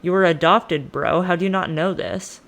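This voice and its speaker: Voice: medium pitch, normal speed, gravelly, a bit bright. A storyteller voicing a blunt male messenger who talks in exasperated modern slang. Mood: impatient.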